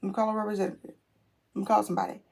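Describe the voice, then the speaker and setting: Slangy, animated woman storyteller. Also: medium pitch, very fast, gravelly. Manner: animated, slangy retelling with quoted voices. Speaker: beauty vlogger. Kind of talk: casual storytelling while doing makeup.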